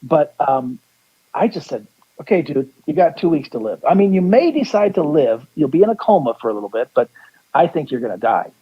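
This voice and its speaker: Man, raised pitch, husky, rambling storyteller, muffled lo-fi call-in line. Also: sing-song, a little fast. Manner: rambling, restarts sentences, acts out quotes. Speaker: guest psychic. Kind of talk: casual storytelling on a call-in radio show.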